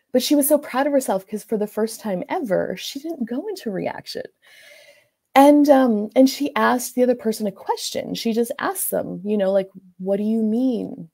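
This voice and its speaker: A woman's voice: mid-range voice, creaky, dark tone. A woman coach casually recounting a client's story in a loose, meandering way, full of restarts and "like"s. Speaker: life coach.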